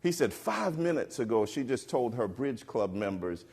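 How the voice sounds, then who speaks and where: A middle-aged man on stage telling a personal story to an audience, animated and acting out the voices of the people he quotes. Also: medium pitch, moderate pace, gravelly, slightly rough. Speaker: keynote speaker. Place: stage before a live audience.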